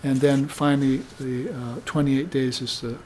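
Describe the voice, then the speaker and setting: Here a man with a mid-pitched, slightly mellow voice delivers a dharma talk as a spiritual teacher to a roomful of students. His delivery is flat, unhurried and conversational, punctuated by frequent "you see" check-ins, over a faint background hiss.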